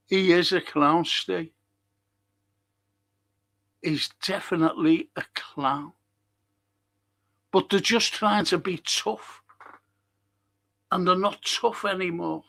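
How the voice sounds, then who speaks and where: A man's voice: high-pitched, fairly even intonation, takes it slowly, vocal fry, long pauses, bright, forceful tone. A middle-aged man with a Liverpool accent hosting a live talk stream, rambling in a blunt, indignant monologue and swearing freely. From England. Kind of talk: rambling monologue reading viewer comments.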